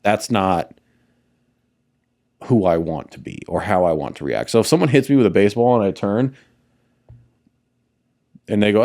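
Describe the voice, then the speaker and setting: A man's voice: fairly low pitch, animated, moderate pace, pauses often, dark tone. A man co-hosting a podcast, talking in a blunt, matter-of-fact way and swearing casually. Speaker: podcast co-host. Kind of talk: casual chat.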